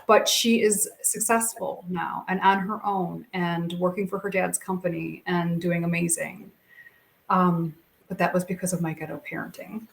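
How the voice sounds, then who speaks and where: Animated, expressive middle-aged woman storyteller. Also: on the low side, normal speed, creaky. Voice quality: expressive, animated storyteller who acts out quotes. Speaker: guest, speaker and coach. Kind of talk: emotional personal storytelling.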